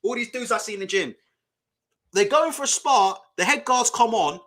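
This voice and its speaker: A man's voice: high-pitched, lively intonation, normal speed, a bit bright. A young man hosting a casual boxing live stream, blunt and swearing, often laughing as he rants. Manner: blunt, swearing, laughs a lot while ranting. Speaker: boxing channel host.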